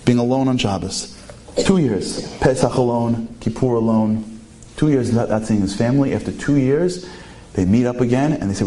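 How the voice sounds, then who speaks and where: An inspirational speaker tells a story at a brisk, animated clip, his pitch leaping up for emphasis. He peppers the audience with rhetorical questions.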